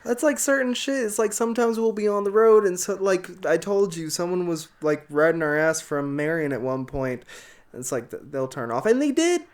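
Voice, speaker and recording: A man's voice: high voice, expressive, moderate pace. Young man, podcast guest, casual, swears a lot, laughs easily. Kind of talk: casual chat.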